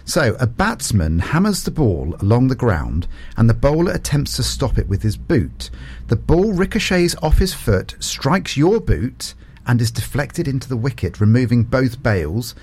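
A man hosting a local radio interview, reading out listener questions and asking quick, chatty follow-ups. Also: mid-range voice, big pitch swings, a little mellow, slightly rough.

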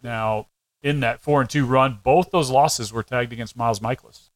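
A man with a mid-range voice co-hosts a casual sports podcast. He makes wry, deadpan jokes and walks through pitches in careful detail. The recording is dry and close to the mic. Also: normal speed, dry recording, low-quality recording. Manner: wry, deadpan quips, detailed play breakdowns. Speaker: podcast co-host.

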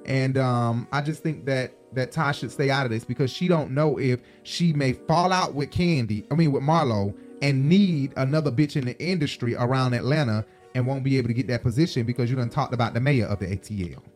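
A man's voice: medium pitch, a little fast, hardly any pauses, soft background music. A man hosting a casual reality-show recap, talking in a rambling way with many fillers. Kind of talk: casual chat.

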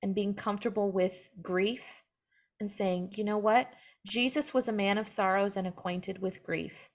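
A woman's voice: medium pitch, measured pace. A young woman speaking earnestly as a guest in a casual conversation about faith, sometimes acting out what other people say. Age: young adult. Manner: earnest, animated when quoting others. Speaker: guest, mother sharing her story.

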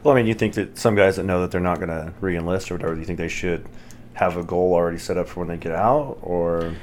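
A man's voice: sits low, steady tone, fast talker, darkish tone, slight background noise. A man co-hosting a casual chat, easygoing and asking questions. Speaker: co-host.

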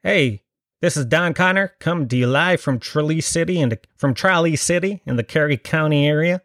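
A man putting on the voice of a clueless American man reporting on soccer, drawling his mangled sports jargon like a slow announcer. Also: fairly high pitch, a bit bright, no room sound, studio quality. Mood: mock-announcing. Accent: put-on American.

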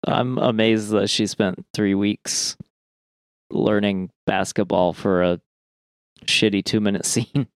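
Man, lowish voice, rambling casual chat, fillers, dry mic. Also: steady tone, takes it slowly, clean tone, no room sound. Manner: rambling, many fillers, swears and laughs easily. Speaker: podcast co-host.

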